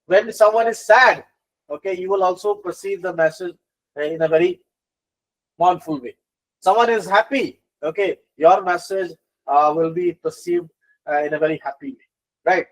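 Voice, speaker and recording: A middle-aged man teaching business communication in a live online lecture, animated, with many fillers and repeated phrases. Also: high-pitched, moderate pace, low-quality recording.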